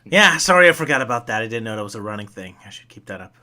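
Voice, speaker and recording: A man's voice: medium pitch, animated, quick pace, pushed and bright. A man hosting a casual comic review chat, joking and laughing often. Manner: laughs often, playful jokey asides. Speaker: podcast host.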